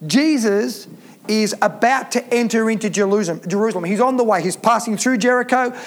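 A man with a notably high-pitched voice preaches a Bible teaching sermon. He reads scripture aloud, then unpacks it in plain, conversational words, slowing down to weigh the key phrases.

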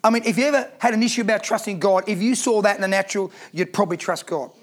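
Man, pastor, high voice, sermon, rhetorical questions, church. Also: fast. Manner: preaching with rhetorical questions to the congregation.

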